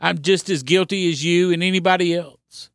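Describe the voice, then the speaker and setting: A man's voice: sits high, steady tone, moderate pace, dry recording, studio quality. A man preaching a podcast sermon in an earnest, repetitive exhorting manner with frequent restarts.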